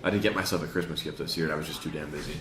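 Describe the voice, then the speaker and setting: A man's voice: rumbling low, steady tone, very fast, a bit bright, roomy sound. A man with a Chicago accent hosting a podcast in casual chat, rambling and joking with lots of fillers. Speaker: podcast host.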